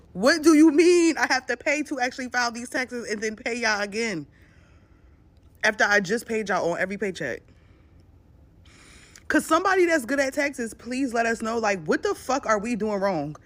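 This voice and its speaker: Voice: medium pitch, a bit bright. A speaker in a ranting social media clip, emotional and profane, joking and then taking it back.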